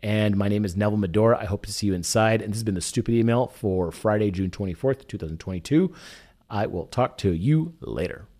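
A man hosting a weekly email show, chatting casually and upbeat with quick asides as he walks through a screen share. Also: fairly low pitch, mellow.

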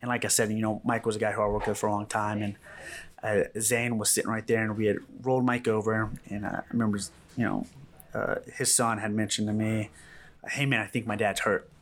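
A male rescue medic recounts his own experience calmly during an interview. His delivery is halting and full of fillers and repeats, and his voice sits on the low side.

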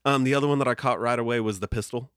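A man's voice: mid-range voice, rapid-fire, fairly bright tone, clear, resonant tone, dry recording, clean studio sound. A man co-hosting a podcast, talking casually about movies in a laid-back way, slightly congested. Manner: laid-back, chatty, laughs often. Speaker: podcast co-host. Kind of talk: casual chat.

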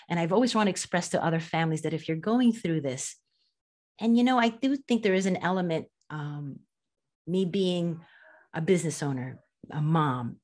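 A woman's voice: fairly low pitch, a little mellow. A middle-aged woman speaking as a guest in a candid interview, heartfelt and earnest, often restarting her sentences. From United States. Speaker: estate planning attorney, podcast guest.

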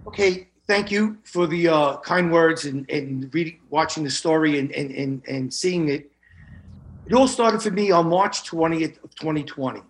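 A man's voice: a little high, moderate pace. A middle-aged man, a guest on an interview show, telling his own story earnestly and speaking straight to the listeners, often repeating words for emphasis. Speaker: guest recounting illness.

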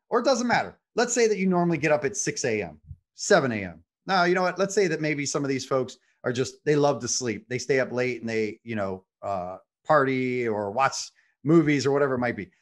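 A man's voice: medium pitch, sing-song, fairly quick. A man hosting a podcast, coaching with a motivational tone and frequent rhetorical questions. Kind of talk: conversational podcast.

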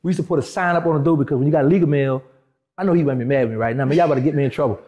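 A man's voice: on the high side, racing. A man in a casual interview, telling a long story and acting out the dialogue of the people in it. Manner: animated, acts out quoted dialogue in shifting voices. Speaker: interview guest.

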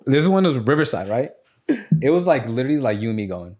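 A young man chatting casually on a podcast, telling stories and acting out quotes in high voices. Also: fast talker. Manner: animated storyteller, acts out quotes in high voices. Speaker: podcast host. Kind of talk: casual chat.

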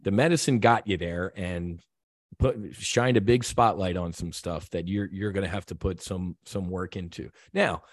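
A man with a low, fairly deep voice tells a personal story on a podcast. He sounds earnest and heartfelt, and he often stops to restart or repeat himself. The recording is dry and close. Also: dry recording. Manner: halting, with many restarts and repeated words. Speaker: podcast guest.

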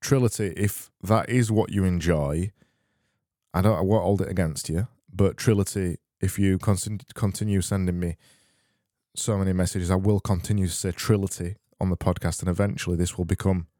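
Deadpan low-voiced man, dry close sound. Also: normal speed, no echo. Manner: deadpan, rambling sarcastic humor. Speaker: podcast host. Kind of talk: casual solo podcast, reading listener messages.

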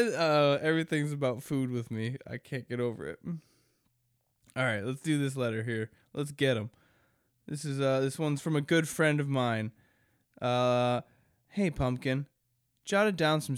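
A man's voice: mid-range voice, clean tone, no echo, studio quality. A young man hosting a podcast alone, rambling casually with crude jokes and frequent laughter. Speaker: podcast host. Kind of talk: casual solo podcast chat.

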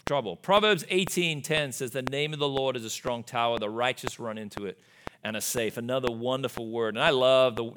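A man preaches in a church sanctuary, swinging from loud, emphatic declarations to soft, hushed lines. His pitch sits in the middle, and he often checks in with the room through quick rhetorical asides. The live recording has clear background noise and clicks. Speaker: pastor. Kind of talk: sermon.

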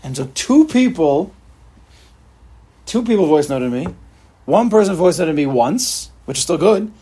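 A man leading an informal religious study group, animated and repetitive, acting out examples for his listeners. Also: a little high, measured pace, breathy edge. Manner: animated, repeats himself, acts out examples. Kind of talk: informal religious class talk.

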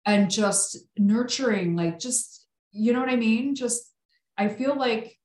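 A woman talking as a guest on a podcast, telling stories in an animated, blunt and casual way. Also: a little high, slow pace. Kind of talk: conversational podcast interview. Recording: echoey room.

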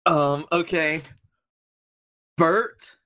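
A man co-hosts a comedy podcast with a fairly high, bright voice. He trades dry, deadpan comebacks in casual banter. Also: extremely slow. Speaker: podcast co-host.

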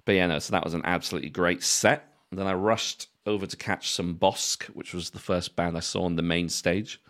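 Deep-voiced man chatting on a podcast. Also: steady tone, a little fast, a bit bright. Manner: swears freely, laughs often, rambling asides. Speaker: podcast co-host. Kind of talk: casual podcast chat.

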